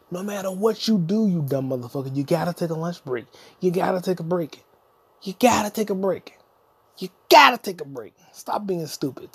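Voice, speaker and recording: A man's voice: fairly high pitch, a little mellow, slightly rough. A young adult man hosting a podcast, delivering a profane, insulting solo comedy rant that mock-lectures the listener. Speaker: podcast host.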